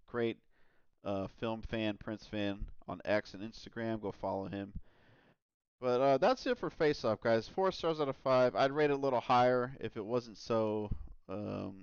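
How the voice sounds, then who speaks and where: A man's voice: lowish voice, clear, resonant tone, no room sound, highs cut off. A man chatting casually on a stream about films he has watched, rambling and enthusiastic with lots of fillers. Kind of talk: casual film review chat.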